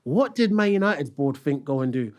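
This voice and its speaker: A man's voice: on the high side, brisk. A young man, a podcast co-host ranting in casual football chat. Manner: animated, exasperated ranting.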